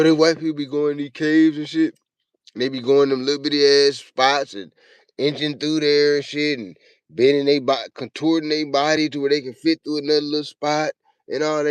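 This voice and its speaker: A man's voice: on the high side, smooth, no room sound. Profane storytelling man, dry close sound. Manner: profane, animated, acts out his own panicked yelling. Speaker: show host. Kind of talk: casual storytelling monologue.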